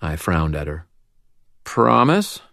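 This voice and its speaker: Deep-voiced man narrating an audiobook. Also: normal speed, dry recording, clean studio sound. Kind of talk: first-person audiobook narration.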